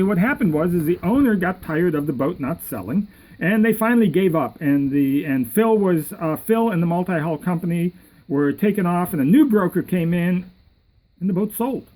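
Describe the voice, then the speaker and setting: A middle-aged man with a fairly high voice tells a story in a loose, rambling monologue. He circles back and repeats phrases, and he lifts his voice when he quotes other people. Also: expressive, moderate pace, a little mellow, low-quality recording. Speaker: yacht captain.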